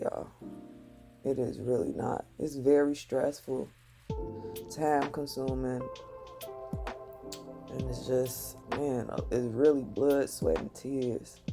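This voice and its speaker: A woman with a hoarse voice who runs a small business, speaking wearily and candidly to camera. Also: rumbling low. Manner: weary and candid. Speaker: small business owner and vlogger. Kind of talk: heartfelt talk to camera. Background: music.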